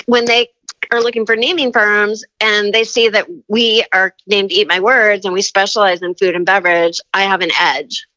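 A woman being interviewed about her business, telling lively stories in a talkative way, full of "like" and "right?". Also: mid-range voice, moderate pace, dry recording, low-quality recording. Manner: animated, talkative, lots of "like" and "right?". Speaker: guest, brand naming business owner. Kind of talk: casual interview storytelling.

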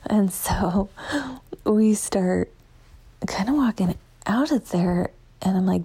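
Woman host with a soft husky voice, mellow tone, keeps slipping into whispers as she tells it. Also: medium pitch, slow pace, pauses often. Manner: drops into a hushed whisper often; animated, quotes herself in a lively voice. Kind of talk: casual storytelling.

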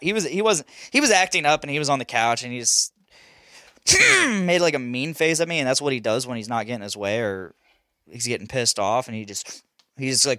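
The clean studio audio has no room sound, carrying a young man's medium-pitched voice as he spins a casual podcast story. Animated and foul-mouthed, he keeps breaking into laughter.

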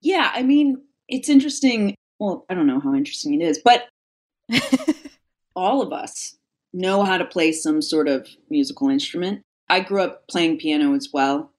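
A young adult woman speaks in a lowish voice, thoughtful and earnest as she is interviewed about her acting work. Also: moderate pace. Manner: reflective, earnest, grows emotional. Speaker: actress, interview guest. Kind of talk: casual interview conversation.

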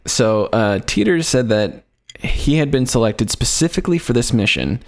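A man casually telling a story to friends on a podcast, relaxed and quick to laugh. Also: medium pitch. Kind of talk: casual group chat.

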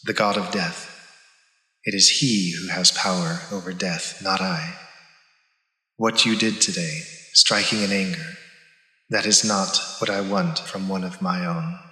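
A man voicing a calm, solemn goddess of life, speaking softly and gravely in a tabletop game. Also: low-pitched, reverberant, long reverb tail, heavily acted, poor audio. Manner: measured, grave, soft-spoken.

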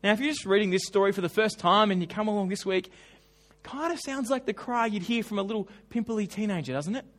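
A man preaching a sermon, telling animated stories with humorous asides. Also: high-pitched, quick pace. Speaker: pastor.

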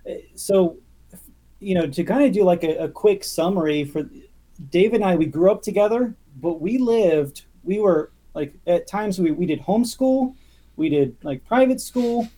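A young man talking casually as a podcast guest, telling animated stories with many restarts. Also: high voice, normal speed. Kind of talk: casual chat.

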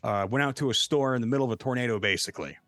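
A man's voice: mid-range voice, rapid-fire, no echo. A man chatting casually as a streamer, telling stories with lots of swearing and laughter. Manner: animated storyteller, jumps into quoted voices; swears freely, laughs often. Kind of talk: casual chat.

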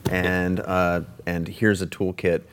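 A man's voice: deep voice, level tone, takes it slowly, noisy background. A man hosting a casual interview, friendly and encouraging toward his guest. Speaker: interview host.

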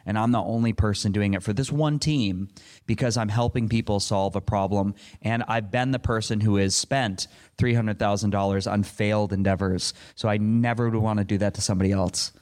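A man's voice: lowish voice, fairly even intonation, fairly quick, a little mellow. A middle-aged man answering a panel question in an earnest, rambling way, with frequent restarts. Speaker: panel speaker.

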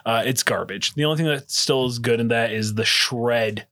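A man's voice: mid-range voice, moderate pace. Profane rambling podcast host man. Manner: loud, profane, hyped intros and rambling asides. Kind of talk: casual podcast banter.

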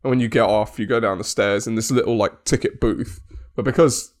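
A man's voice: fairly low pitch, fairly even intonation, a little fast. A man, co-hosting a chat podcast and earnestly sharing his views. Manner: earnest, reflective, many "like" fillers. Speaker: podcast co-host. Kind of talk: casual chat.

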